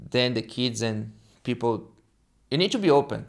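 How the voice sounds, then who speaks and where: A young adult man from Brazil, Portuguese being his first language, with a Brazilian accent, being interviewed and animatedly acting out quoted dialogue in halting English. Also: mid-range voice, vocal fry. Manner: animated, acts out quoted dialogue, halting non-native phrasing. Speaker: guest. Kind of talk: casual storytelling interview.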